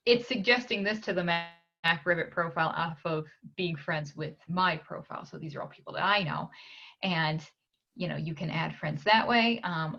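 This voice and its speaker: Slow, unhurried woman with a lower voice. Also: fairly bright tone, highs cut off. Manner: unhurried, frequent "um" pauses while clicking. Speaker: library staff tutor. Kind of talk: screen-share software tutorial.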